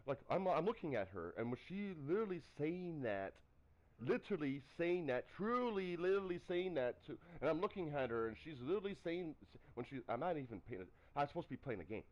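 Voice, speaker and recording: A man chatting casually on a live stream, telling stories in an animated way and acting out what people said. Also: on the high side, brisk, dull audio. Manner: animated storytelling, acts out quotes. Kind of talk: casual chat.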